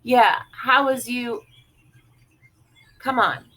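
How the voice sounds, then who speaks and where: A woman's voice: on the high side, drawn-out words, fairly bright tone, voice pushed up, heavily acted, low-quality recording. A woman voicing a bossy young girl who orders her little sister around dismissively.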